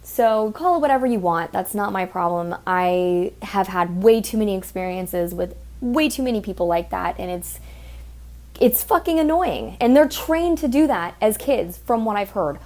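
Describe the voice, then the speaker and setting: A woman's voice: medium pitch, lively intonation, moderate pace, darkish tone. Blunt, profane woman telling a story. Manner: blunt and profane, heated, mimics others. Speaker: podcast host. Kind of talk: casual storytelling monologue.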